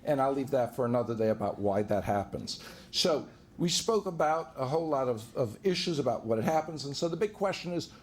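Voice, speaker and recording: A man's voice: mid-range voice, lively intonation, fairly quick, a little hiss or hum. A man, a divorce lawyer, giving a seminar to a live audience in a conversational way, full of anecdotes. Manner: conversational, anecdote-driven, acts out quoted dialogue.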